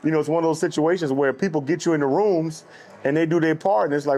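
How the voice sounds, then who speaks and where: Man, quick speech, casual dinner chat, filler-heavy storytelling. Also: a little high, darkish tone. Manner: fast, loose storytelling with many fillers. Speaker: brand co-founder. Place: restaurant dinner table.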